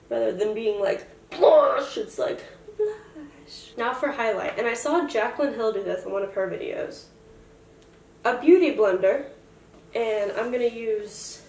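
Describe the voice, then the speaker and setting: A young woman chats through a casual makeup tutorial, joking at her own expense as she explains each step. Her voice is slightly high and mellow, picked up from a distance in an echoey room with a little background noise.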